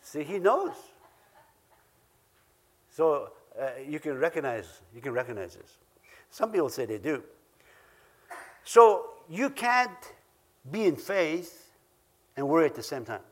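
Man, Ojibwe accent, high voice, preaching, earnest, repetitive emphasis. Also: fairly bright tone. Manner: earnest, repeats key phrases for emphasis, chuckles between points. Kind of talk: sermon.

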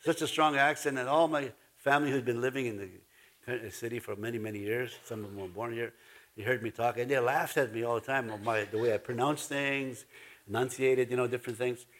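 A man with a medium-pitched, fairly bright voice preaches briskly, keeping the sermon folksy. As a pastor with an Ojibwe-influenced Canadian English accent, he jokes with the congregation and asks them to respond.

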